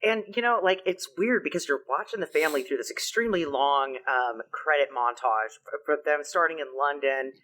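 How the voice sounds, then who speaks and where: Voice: medium pitch, a little fast, few pauses, sharp tone, poor audio. A podcast co-host in a casual comedic movie review, chatty and full of fillers. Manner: chatty, filler-heavy, amused.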